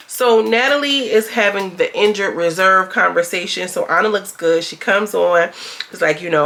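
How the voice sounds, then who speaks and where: A young woman talking through a reality show episode in a relaxed, gossipy flow. Her voice sits in an ordinary middle pitch. She is candid and swears freely, and she slips into quick impressions of the people on the show. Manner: chatty and candid, acts out cast members' lines, swears freely. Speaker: reality TV recap vlogger. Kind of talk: casual recap chat.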